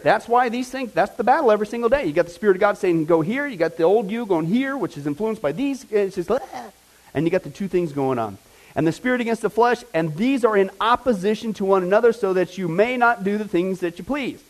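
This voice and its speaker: A man preaching a sermon in a lively, conversational way, often checking in with his listeners and breaking into excited exclamations. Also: high voice, fairly quick, rough recording. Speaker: pastor.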